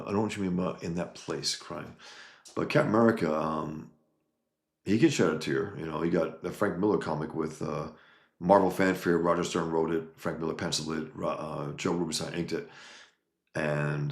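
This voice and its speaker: Low gravelly man, emphatic livestream rant. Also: steady tone, moderate pace, echoey room. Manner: emphatic, rambling, with restarts. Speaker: livestream host reading chat. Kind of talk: casual livestream chat.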